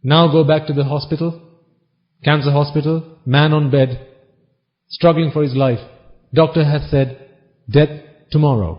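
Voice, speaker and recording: A man giving a Buddhist sermon, asking the audience questions and answering them himself, now and then reciting Pali phrases quickly. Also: a little high, little pitch movement. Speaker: Buddhist preacher. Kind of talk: dharma talk sermon. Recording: dull lo-fi recording.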